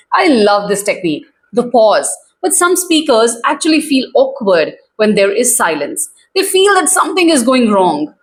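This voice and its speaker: A woman communication coach teaching straight to camera in a clear, measured, emphatic way. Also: on the high side.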